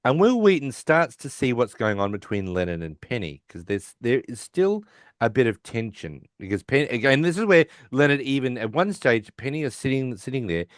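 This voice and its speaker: A man's voice: medium pitch, big pitch swings, moderate pace, no echo, clean studio sound. A man co-hosting a podcast, casually retelling a sitcom episode and acting out the characters' lines. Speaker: podcast co-host.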